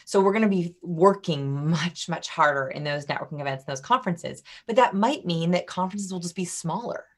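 A woman's voice: lowish voice, fairly quick, hardly any pauses. A woman guest on a podcast, explaining body language and acting out different vocal tones. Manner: animated, demonstrates vocal tones. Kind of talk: podcast interview.

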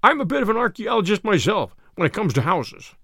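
A man giving voice to a shrewd detective, polite and probing, never hurried. The tone is gravelly and fairly high with lively turns, recorded dry and close. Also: no echo, full character voice. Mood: courteous. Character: calm, shrewd male detective, courteous.

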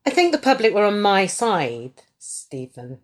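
A woman, an actress being interviewed, reminiscing in an animated, laughing manner. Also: medium pitch, measured pace. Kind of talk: casual reminiscing.

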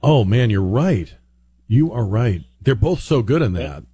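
A man's voice: fairly low pitch, sing-song, a little slow, dark tone, husky. A man hosting a radio call-in show, chatty and rambling, with plenty of ums and restarts. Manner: chatty, rambling, many fillers. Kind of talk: casual talk radio.

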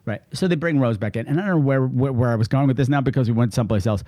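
A man co-hosting a podcast, chatting casually and jokily, with quick asides in comic voices. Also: medium pitch, dry recording, clean studio sound. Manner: jokey, animated, slips into comic voices. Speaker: podcast co-host. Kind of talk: casual chat.

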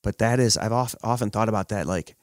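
A man in his thirties chatting on a podcast, telling jokey stories about his kids with lively put-on quotes. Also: lowish voice, brisk, no echo, studio quality. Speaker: podcast co-host. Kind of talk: casual chat.

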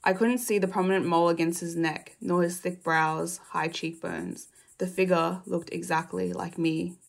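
A young woman from Australia reading her personal essay aloud in a measured, reflective way. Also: lowish voice, fairly even intonation, vocal fry.

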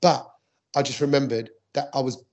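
A man, a stand-up comic co-hosting a podcast, telling an anecdote in a lively, animated way. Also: mid-range voice, normal speed. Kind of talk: casual chat storytelling.

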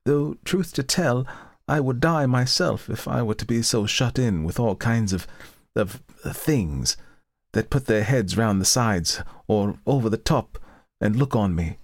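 A man's voice: medium pitch, animated, a little slow, dry recording, studio quality, voice pushed up. A man voicing a nervous older landlady in a storybook reading, fretful and anxious. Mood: fearful.

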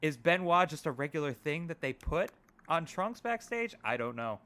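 A man's voice: a little high, very animated, moderate pace, sharp tone. A man co-hosting a casual podcast, joking and then reading out the show's sign-off. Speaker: podcast co-host.

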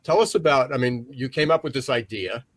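A man's voice: mid-range voice, a little fast, dry recording. A man co-hosting an interview, talking in loose, rambling sentences full of restarts. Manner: rambling, many restarts and fillers. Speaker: podcast co-host. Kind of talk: conversational interview.

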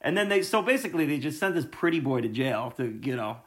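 A man's voice: on the high side, very animated, fast, a bit bright. A man in casual conversation about a movie, talking in loose, rambling sentences with many restarts.

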